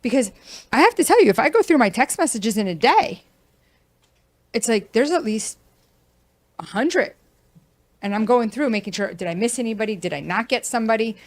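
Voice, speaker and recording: A woman's voice: fairly high pitch, lively intonation, moderate pace, long pauses. A woman realtor hosting a casual talk show, speaking frankly and venting her frustration. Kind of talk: casual chat.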